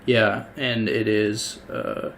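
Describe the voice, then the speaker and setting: A man's voice: fairly low pitch, little pitch movement, takes it slowly, creaky, a bit bright. A man narrating a tabletop game as game master, casual and hesitant with many fillers.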